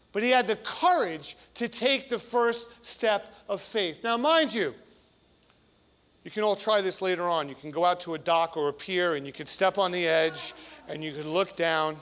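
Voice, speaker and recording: A man's voice: high-pitched, a bit bright. A man preaching a sermon as a priest, conversational and emphatic, with frequent repetitions and restarts.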